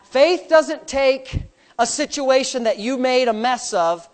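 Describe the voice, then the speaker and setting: A pastor delivers a sermon in a very high-pitched, animated, slow voice. He repeats phrases rhythmically, calls for amens, and swings between hushed asides and loud outbursts.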